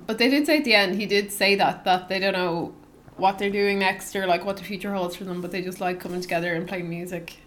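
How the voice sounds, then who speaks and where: A woman, co-hosting a podcast and telling stories with lively acted-out reactions. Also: medium pitch, fairly quick. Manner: animated storyteller, acts out her own reactions. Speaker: podcast co-host. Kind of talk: casual chat.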